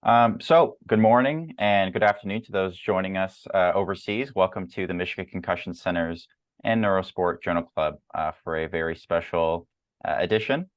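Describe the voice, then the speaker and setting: Man, journal club host, very low voice, dry close sound, measured delivery with fillers. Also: dry recording, highs cut off. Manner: measured, with frequent fillers and repeated words. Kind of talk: presenting slides at an academic journal club.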